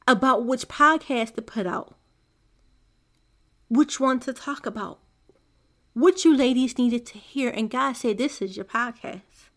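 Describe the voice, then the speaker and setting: A mother hosting a faith podcast, speaking in an earnest, confiding monologue to her listeners. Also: a little high. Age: young adult to middle-aged, a mother. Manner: earnest, confiding, soft-spoken. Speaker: podcast host.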